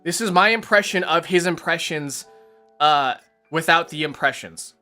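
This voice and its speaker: A man hosting a casual live stream, animated and exasperated, who swears often and keeps laughing mid-sentence. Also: on the high side, moderate pace, faint music behind. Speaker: streamer host.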